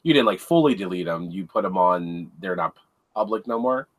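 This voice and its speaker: A man joining a casual chat as a guest, animated and joking, acting out quotes. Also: low-pitched, normal speed. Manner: animated joker who acts out quotes.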